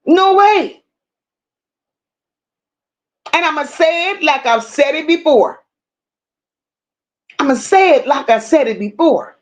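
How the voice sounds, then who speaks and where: Woman, livestream host, high voice, slow delivery, blunt and emphatic, reads chat and greets viewers. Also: animated. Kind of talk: casual livestream commentary reading chat.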